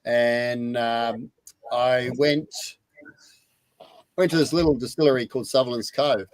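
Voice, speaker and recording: An Australian man in his sixties telling a story in casual chat, lively and repeating his words as he goes. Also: medium pitch, a little slow, no echo, poor audio. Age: 60s. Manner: animated anecdote teller, repeats words.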